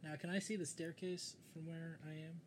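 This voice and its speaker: Steady man asking about the game. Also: fairly high pitch, normal speed, slight background noise. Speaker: player. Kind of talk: casual tabletop game play.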